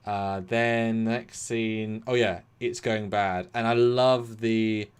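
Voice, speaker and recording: A British man co-hosting a casual episode review, animated, acting out quotes and swinging between loud and soft. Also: fairly low pitch, slow pace, smooth. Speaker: podcast co-host.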